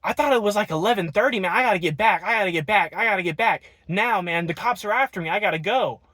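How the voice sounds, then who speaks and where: A man's voice: high voice, quick pace, bright, forceful tone, dry recording. A man voicing an erratic, boastful drifter who rambles and repeats himself. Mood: frantic.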